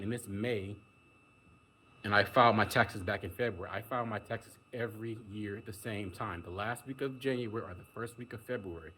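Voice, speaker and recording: A man's voice: fairly low pitch, fairly quick, sharp tone, a little hiss or hum. A man delivering a casual, emphatic monologue rant, exasperated and acting out the people he quotes. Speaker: vlogger.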